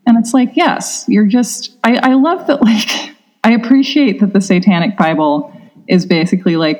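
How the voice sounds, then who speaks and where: A woman's voice: medium pitch, moderate pace, darkish tone. A woman talking as a podcast guest in a chatty, wry way, full of filler words. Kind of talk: casual conversation.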